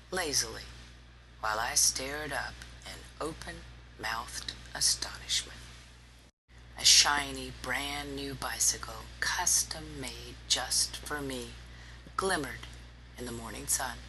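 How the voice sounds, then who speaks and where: A narrator reading a story aloud in a slow, hushed, often breathy way. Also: medium pitch, noisy background.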